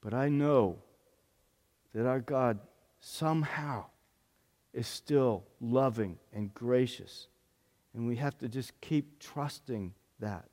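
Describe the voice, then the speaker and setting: A man's voice: mid-range voice, slow, pauses often, a little mellow. A male pastor giving an earnest sermon, often repeating phrases for emphasis. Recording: long hall reverb.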